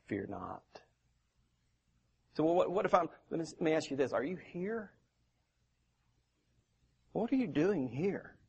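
A man with a notably high voice preaches slowly and deliberately, leaning on repeated phrases for emphasis. He speaks as a pastor in a church sermon. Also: very animated, creaky, slightly rough, dull audio. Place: church sanctuary.

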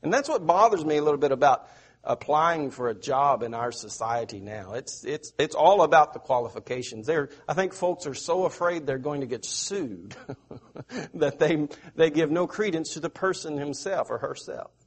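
A man's voice: fairly high pitch, expressive. A middle-aged man from the American South, preaching a sermon and asking his listeners questions. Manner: slow, repetitive, asks the audience questions.

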